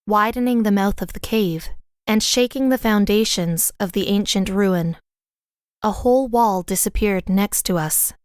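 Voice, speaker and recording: A woman narrating a fantasy audiobook in the first person, with a smooth, clear reading voice. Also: medium pitch, dry recording, studio quality.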